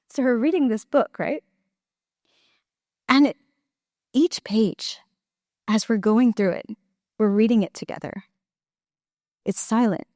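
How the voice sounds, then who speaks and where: A woman's voice: fairly high pitch, measured pace, pauses often, mellow, no room sound, clean studio sound. Chatty young woman telling her story. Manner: conversational storytelling with many fillers, laughs often. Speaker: conference speaker. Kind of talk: personal testimony. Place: church.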